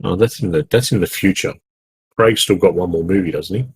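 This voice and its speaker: A man's voice: low voice, brisk, breathy edge. An Australian man co-hosting a gaming podcast, chatting casually in a rambling, jokey way with many self-corrections. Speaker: podcast co-host. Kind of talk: casual chat.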